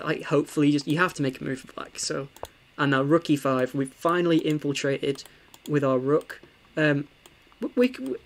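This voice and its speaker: A young man, casually talking through a chess game for stream viewers, animated and full of ums and restarts. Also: on the high side. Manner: animated, with frequent fillers and restarts.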